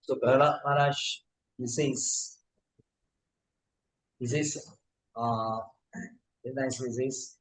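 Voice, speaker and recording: A man giving a scripture lecture, pausing often with fillers and restarts. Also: medium pitch, fairly even intonation. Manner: halting, frequent fillers and restarts. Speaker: spiritual teacher. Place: temple hall. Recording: echoey hall.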